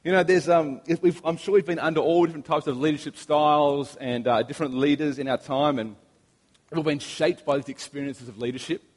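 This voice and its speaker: A young Australian man preaching a sermon, telling relaxed, anecdotal stories with humor. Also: a little high, brisk. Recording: long reverb of a large hall.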